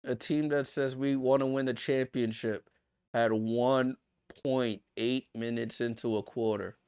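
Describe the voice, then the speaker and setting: A man hosting a livestream watchalong, calling a basketball game with exasperated, disbelieving commentary, swinging between loud outbursts and muttered asides. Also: medium pitch, fairly even intonation, unhurried, smooth, no echo, clean studio sound.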